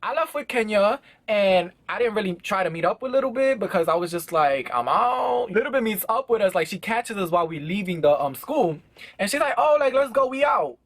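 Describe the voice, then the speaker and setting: A young man telling a casual storytime vlog at home, animated and full of slang. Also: high-pitched, a little fast, no echo. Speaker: vlogger. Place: indoors at home before a backdrop.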